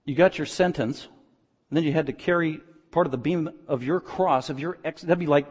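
A man preaches an expository sermon in a somewhat high voice. He shifts between quiet, low stretches of explanation and loud, emphatic runs. His voice rings out with the long reverb of a large hall. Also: a little fast, slightly rough. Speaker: pastor.

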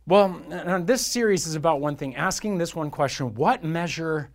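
A middle-aged pastor delivers a relaxed sermon and talks to his listeners like old friends. His voice sits a little high for a man. He is folksy, playful and conversational. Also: moderate pace. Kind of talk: casual storytelling sermon.

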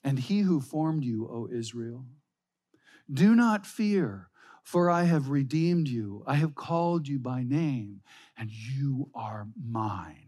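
Slow, emphatic male preacher. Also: medium pitch, animated, warm tone. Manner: slow, emphatic preaching, reading scripture aloud. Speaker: pastor. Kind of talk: sermon.

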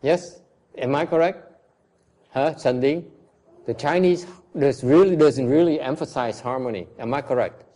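A man's voice: mid-range voice, measured pace, warm tone. A man whose first language is Vietnamese, teaching a class in a blunt, questioning way. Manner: blunt, questioning, switches between English and Vietnamese. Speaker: Buddhist teacher.

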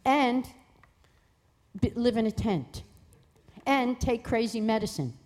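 A woman guest telling a personal testimony in a lively way, acting out the voices of people in her story. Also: on the high side, slow pace. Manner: lively, acts out voices in quoted dialogue.

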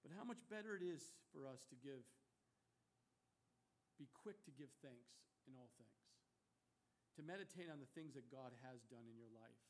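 A middle-aged man preaching a sermon as pastor, emphatic, swinging from loud rhetorical questions to hushed warnings. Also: mid-range voice, expressive, moderate pace, long pauses.

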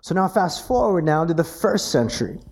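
A man preaching a sermon, animated and earnest, often stammering over repeated words as he builds emphasis. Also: on the high side, moderate pace, husky. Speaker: pastor.

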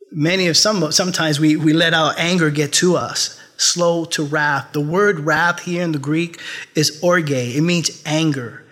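A pastor preaching a sermon, emphatic and repetitive, with laughing asides. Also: male voice, fairly high pitch, a bit bright. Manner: laughs at his own jokes.

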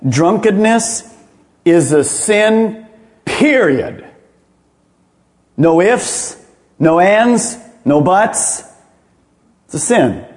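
A man's voice: high voice, expressive, very slow, long pauses, darkish tone. A man, a pastor, preaching a sermon with emphatic rhetorical questions.

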